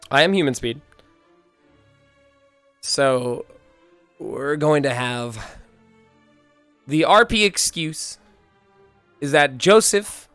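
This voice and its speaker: A man streaming live, chatting casually and excitedly to his viewers before a roleplay. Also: a little high, dry recording. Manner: excitable, loose and chatty with swearing. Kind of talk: casual livestream chat.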